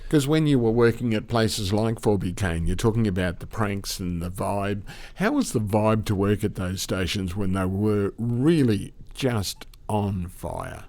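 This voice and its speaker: Low-voiced interviewer. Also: male voice, unhurried, hardly any pauses, darkish tone, no room sound. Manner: short, prompting questions. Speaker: podcast host. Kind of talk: interview questions.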